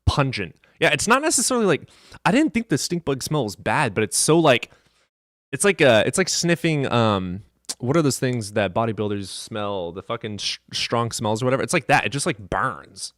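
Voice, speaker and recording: A man's voice: medium pitch, expressive, normal speed, fairly bright tone, no echo, studio quality. A man hosting a live stream from his desk at home, chatting casually and telling rambling, profane stories.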